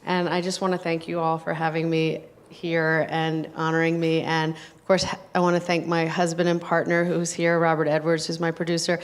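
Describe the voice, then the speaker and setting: A woman filmmaker giving an award acceptance speech and taking audience questions, halting and full of fillers. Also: low voice, completely flat delivery. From United States. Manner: halting, with many fillers and restarts.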